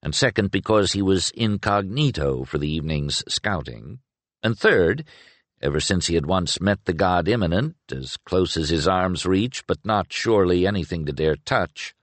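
A man narrating an audiobook in a measured storytelling manner. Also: deep voice, big pitch swings, no echo. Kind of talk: scripted narration.

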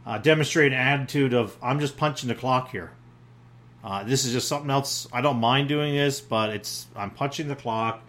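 A man's voice: mid-range voice, fairly bright tone. A middle-aged man from Newfoundland, a pastor preaching a sermon in a folksy, plain-spoken way, with many fillers and restarts.

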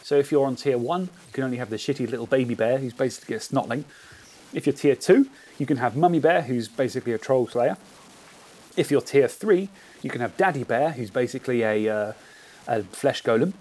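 A man's voice: medium pitch, brisk, rough recording. A man, a podcast host chatting casually and reading out a playful story with relish. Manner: playful, animated storyteller who laughs at his own jokes. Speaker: podcast host, tournament organiser. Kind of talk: casual podcast chat with a read-aloud story.

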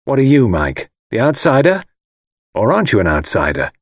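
A man reads the part of an intense, brooding architect, pressing and insistent, his mid-range voice swinging hugely in pitch at a moderate pace. The delivery stays cryptic and urgent throughout. The recording is dry and close.

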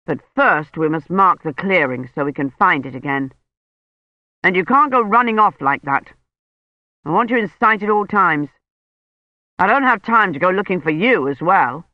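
A man's voice: high voice, animated, normal speed, dry recording, lo-fi sound. A narrator voicing an anxious, stern man searching a snowy forest, speaking firmly and in clipped phrases.

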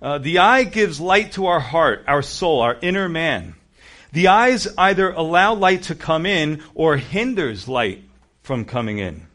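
A man's voice: fairly high pitch, animated, a little slow, a bit bright. A man preaching a sermon in a conversational way, acting out quoted voices as he goes. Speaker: pastor.

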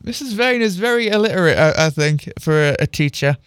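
A man's voice: fairly high pitch, lively intonation, brisk, fairly bright tone, clean tone, dry recording, clean studio sound. A young man doing a sarcastic dramatic reading of amateur fiction, stopping to mock its typos and plot. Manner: sarcastic, interrupts to comment on typos. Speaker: reader of amateur fan fiction. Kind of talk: mocking dramatic reading with asides.

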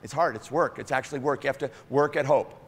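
A male pastor preaches an animated sermon, acting out other people's voices and swinging between loud outbursts and hushed asides. His voice is medium-pitched and slightly rough, his pace quick, and a long reverb tail follows his words.

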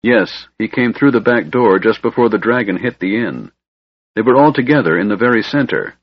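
A man's voice: lowish voice, expressive, lo-fi sound. A man voicing a trembling, shaken cleric. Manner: trembling, hurried. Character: shaken male cleric, trembling after a disaster.

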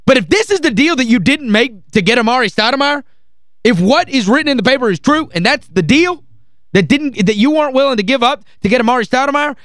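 A sports radio host with a very high-pitched voice, worked up and exasperated, stacking repeated phrases on top of each other as he rants. The studio sound is close and dry, with no room around him. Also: a bit bright, no room sound. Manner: heated, exasperated, emphatic ranting. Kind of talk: call-in sports talk rant.

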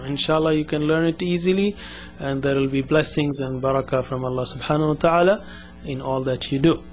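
A man leads a beginner Arabic class, his voice sitting a little high as he paces through words one at a time for students to repeat. He speaks deliberately, like a patient classroom teacher, with faint music playing quietly behind him. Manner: slow, deliberate, drills words for repetition. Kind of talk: beginner language lesson.

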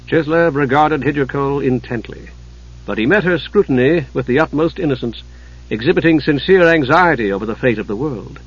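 Husky guy narrating a fantasy story, steady pace, kinda dull recording. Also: mid-range voice, a little fast.

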